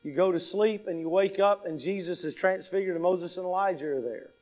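A man with a high voice preaches a sermon. He is emphatic, repeats his key lines and puts questions to the congregation. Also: a little fast, darkish tone, poor audio. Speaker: pastor.

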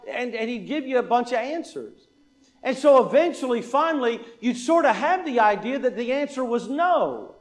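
High-voiced man preaching a sermon. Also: animated, fairly quick. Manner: asks the congregation questions and answers them; repeats lines for emphasis.

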